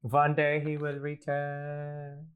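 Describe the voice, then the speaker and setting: A man voicing someone reading a missing-person notice in a mock Indian accent, slow and drawn out. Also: fairly high pitch, monotone, smooth, narrow, tinny audio. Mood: mock-solemn.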